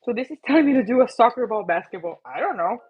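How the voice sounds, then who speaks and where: A bubbly woman chats through a casual livestream, her voice a touch husky and scratchy from an itchy throat. She speaks a little higher than most, and the stream audio sounds muffled and lo-fi. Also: animated, quick pace. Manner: bubbly, chatty, self-mocking. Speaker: livestream host and app creator.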